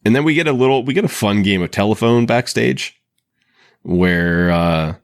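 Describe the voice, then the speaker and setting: Male podcast host, low and dry, chatty with frequent laughs. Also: normal speed, dry recording. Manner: chatty, laughs often, restarts sentences. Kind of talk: casual chat recapping a TV episode.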